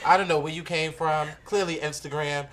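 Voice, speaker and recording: A woman's voice: low voice, steady tone. A woman co-hosting a casual gossip chat, sassy and emphatic. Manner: sassy, emphatic, quick to react. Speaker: co-host.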